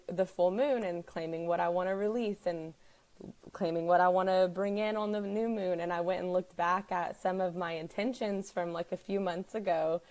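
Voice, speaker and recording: A woman's voice: lowish voice, a little mellow. A woman talking to viewers on a live stream in a casual, earnest, chatty way, with many fillers. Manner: chatty, earnest, heavy use of "like". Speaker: wellness business owner hosting a live stream.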